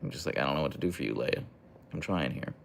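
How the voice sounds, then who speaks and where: A man's voice: extremely low pitch, lively intonation, fast talker, gravelly, slight background noise. A young man hosting a casual livestream, reading chat aloud and answering in a rambling, hesitant way with many fillers and restarts.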